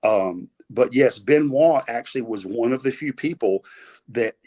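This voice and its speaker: A middle-aged man with a Southern US accent talks casually as a podcast guest. His voice is husky and his pitch sits in the middle. He rambles, with many fillers and restarts. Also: unhurried, darkish tone. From American South. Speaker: podcast guest, former wrestler. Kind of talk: casual storytelling interview.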